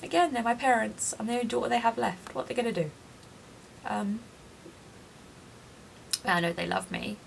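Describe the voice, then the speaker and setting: Woman late 30s crying a bit, raspy fry in her voice, venting honestly into a video diary. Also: fairly high pitch, normal speed, pauses often, a little hiss or hum. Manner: tearful, confiding and self-deprecating. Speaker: vlogger.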